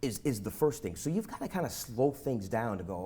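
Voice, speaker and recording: A man's voice: medium pitch, sing-song, fairly quick, few pauses, mellow. A middle-aged police officer, giving earnest advice on a local talk show and often repeating words as he goes. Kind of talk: casual talk show conversation.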